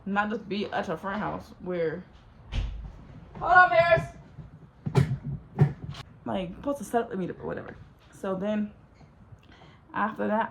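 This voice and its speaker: Creaky-voiced woman. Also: mid-range voice, heavy background noise. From Los Angeles. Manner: rambling, says "like" constantly, animated. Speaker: storyteller. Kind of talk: casual storytime.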